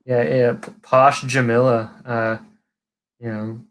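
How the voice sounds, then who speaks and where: A man's voice: mid-range voice, level tone, slow, crowd noise. A man with a Californian accent hosting a livestream chat, rambling with many restarts and casual swearing. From California, USA. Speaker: livestream host.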